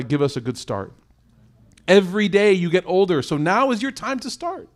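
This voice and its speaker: A man in his thirties giving an earnest sermon to a gathered audience, then leading a heartfelt prayer. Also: expressive. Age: 30s. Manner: earnest, rises in pitch for emphasis, slows on key lines. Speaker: preacher. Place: room with a live audience.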